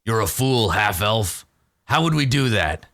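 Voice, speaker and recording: A man voicing a surly male orc prisoner who answers gruffly and with contempt in a tabletop game. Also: on the low side, big pitch swings, measured pace, fairly bright tone, exaggerated voice. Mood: scornful.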